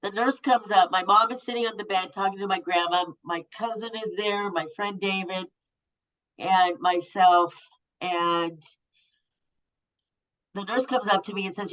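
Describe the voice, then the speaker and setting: A woman's voice: medium pitch, steady tone, unhurried, fairly bright tone, dull audio. A woman in her fifties, a guest telling a personal story in a blunt, raw and profane way. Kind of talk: candid storytelling.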